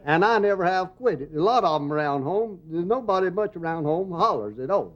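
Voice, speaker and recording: A man's voice: high-pitched, lively intonation, fairly quick, fairly bright tone. Plain-spoken man, lo-fi. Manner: plain-spoken, rural, short answers. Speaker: hollering contest champion guest. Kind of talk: casual interview answers. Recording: dull lo-fi TV recording.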